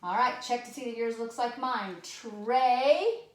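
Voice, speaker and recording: A woman's voice: fairly high pitch, a little fast, pushed and bright. A woman teaching a children's spelling lesson, playful and patient, using props and guessing games to introduce each word. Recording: echoey room.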